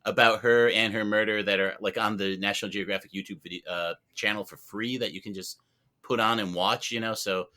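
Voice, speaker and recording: A man on a podcast panel, recommending a film with dry, deadpan humor. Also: lowish voice, fairly quick. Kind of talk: casual podcast chat.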